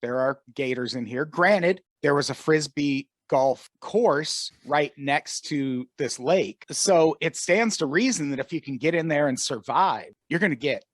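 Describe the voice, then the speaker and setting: Comedy podcast co-host: man, casual storyteller, a bit high-pitched, dry studio sound. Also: animated, a little slow, hardly any pauses, no room sound. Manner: storytelling, laughs often.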